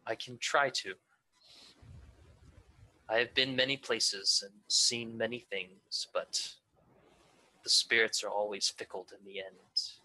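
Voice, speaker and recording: A man's voice: fairly low pitch, slow, long pauses, sharp tone, heavily acted, poor audio. A man playing a solemn elven wanderer.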